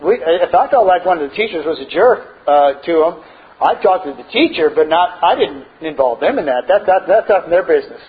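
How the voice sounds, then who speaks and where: A man's voice: on the high side, animated, fairly quick, phone-quality sound. A middle-aged man answering a parenting question, telling stories and laughing often as he talks. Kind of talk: casual parenting advice talk.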